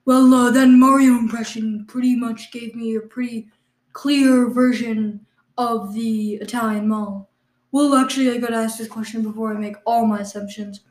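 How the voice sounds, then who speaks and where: A woman co-hosting an improvised comedy podcast, her voice sitting a little high. She questions her partner in mock exasperation, padding her lines with ums and uhs. The room around her is echoey. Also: fairly even intonation, normal speed, a little mellow. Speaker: podcast co-host.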